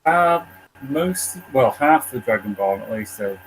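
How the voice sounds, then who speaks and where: A man's voice: mid-range voice, lively intonation, unhurried, over a noisy crowd, rough recording. A man playing a tabletop game, casual, asking lots of questions. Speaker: player.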